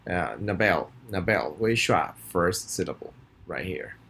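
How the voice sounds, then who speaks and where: Deep-voiced man teaching pronunciation. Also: animated, a bit bright, breathy edge. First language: Spanish. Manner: friendly, repeats words slowly for students to echo. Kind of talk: recorded video lesson.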